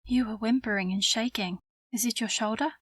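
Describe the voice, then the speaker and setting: A woman's voice: a little high, a little fast, no echo, pitched above the performer's own voice, natural voice. A woman narrator voicing a caring, resourceful young woman in an audiobook, speaking with concern. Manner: careful, concerned.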